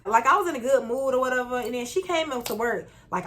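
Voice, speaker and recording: A young woman telling a storytime to her viewers in a casual, animated, slangy way. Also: sits high, fast talker, few pauses. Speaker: vlogger.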